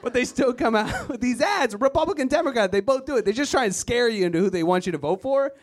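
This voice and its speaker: A man's voice: extremely high pitch, lively intonation, fast talker. A man from Virginia doing a stand-up comedy set on a club stage, sarcastic and mocking. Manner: sarcastic, mocking, shifts into silly voices.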